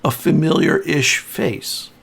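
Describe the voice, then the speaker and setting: Reserved tea-serving woman who says little, voiced by a man, slow and gravelly. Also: a little high, exaggerated voice. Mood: terse. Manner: terse and quiet.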